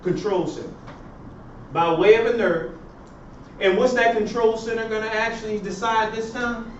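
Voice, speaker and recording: A man with a high voice lectures in a classroom and keeps pausing so his students can fill in the answers. He is picked up from a distance by a dull recording. The room is echoey, with faint background noise. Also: fairly even intonation. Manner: quizzing students with fill-in questions. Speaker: professor.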